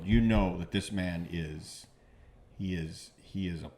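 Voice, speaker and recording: Sitting low in pitch, a man who is a comedian on a podcast spins stories in easygoing talk. He often pauses and repeats himself, yet turns lively when he quotes someone.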